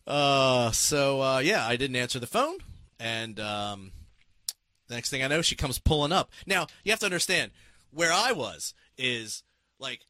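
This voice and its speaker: A man casually telling a story and reading comments, animated and profane, with many restarts and laughs. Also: medium pitch, normal speed, no echo.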